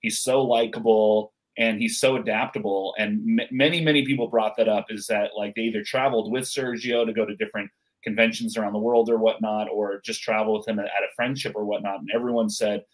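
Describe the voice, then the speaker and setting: A man's voice: on the low side, steady tone, a little fast, poor audio. A man hosting a casual chat, rambling with many fillers.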